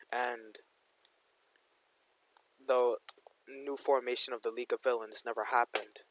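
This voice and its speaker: A man's voice: medium pitch, no echo, rough recording. A young man casually narrating a fan-made story, rambling with lots of slang and "like", on a close mic.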